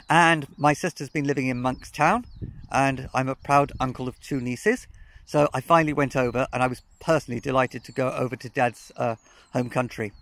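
A Welsh cycling vlogger with a medium-pitched, creaky, fairly bright voice chats casually on an outdoor vlog. He tells rambling stories packed with fillers, filmed on a phone camera in remote countryside.

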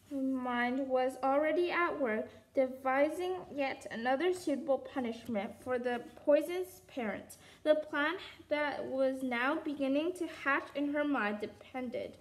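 A woman reading a novel aloud, carefully, with frequent stumbles and restarts over the words. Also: sits high. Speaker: storybook reader.

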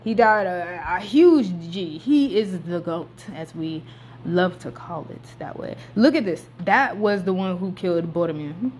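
A young woman recaps a film in a loose, chatty vlog voice. She bounces from quiet, muttered asides to sudden loud bursts. A faint hiss of background noise sits under the recording. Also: lowish voice, measured pace. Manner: animated, slangy, swings between hushed and loud outbursts. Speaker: movie recap vlogger. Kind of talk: casual excited movie recap.

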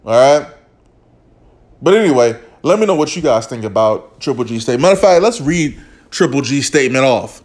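A man's voice: medium pitch, expressive, brisk, darkish tone. Blunt, profane man ranting about boxing. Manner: profane, blunt, slangy, mocking; reads a quote aloud in a stilted voice. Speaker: boxing commentary vlogger. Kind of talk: casual rant to camera.

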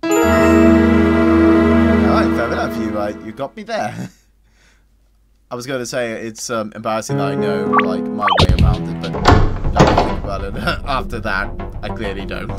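A man commenting on a video game as he plays, sarcastic and laughing often, with loud game music behind him. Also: fairly low pitch, lively intonation, normal speed, long pauses. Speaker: let's play gamer. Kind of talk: gameplay commentary.

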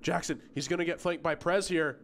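Young man, esports co-caster, quick play-by-play, excited bursts, steady background noise. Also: on the high side.

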